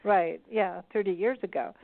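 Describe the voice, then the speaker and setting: A woman co-hosting a radio talk show, speaking in a rambling, halting way with many restarts. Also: medium pitch, creaky. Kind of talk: casual radio chat. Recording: dry phone-line sound.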